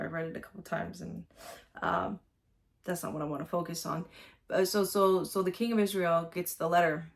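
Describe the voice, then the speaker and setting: A woman's voice: lowish voice, vocal fry. A woman casually talking through a Bible passage in a rambling way, with many fillers and restarts. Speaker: vlogger.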